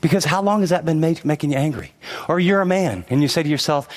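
A middle-aged pastor delivers a sermon, his somewhat high voice ringing through a long hall reverb. He moves from relaxed storytelling into insistent, repeated lines that drive each point home. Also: fast talker. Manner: storytelling, rising to emphatic preaching with quoted asides.

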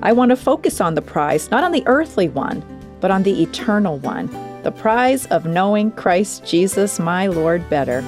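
A woman's voice: medium pitch, sing-song, moderate pace, darkish tone, faint music behind. A woman co-presenting a Christian program, speaking to listeners in an encouraging way. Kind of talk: scripted devotional talk.

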